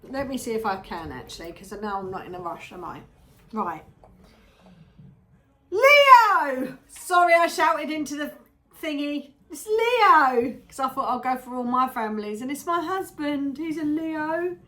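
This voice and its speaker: A woman's voice: sits high, brisk, fairly bright tone. A woman giving a casual tarot reading to her viewers, chatty and rambling, often drifting into little asides. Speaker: tarot reader.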